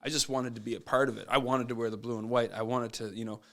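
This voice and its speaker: A man guesting on a podcast as a basketball coach, telling stories in a casual, animated way and acting out what people said. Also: mid-range voice, fast. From Nova Scotia, Canada. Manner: animated, acts out quoted voices. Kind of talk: casual storytelling.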